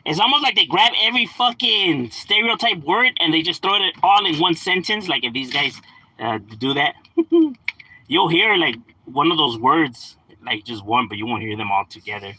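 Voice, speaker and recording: A young man from Southern California chatting casually on a live stream, relaxed, swearing and laughing often. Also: a little high, normal speed, husky, no echo. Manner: laid-back, laughs often, drops swear words and slang. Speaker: livestream gaming host.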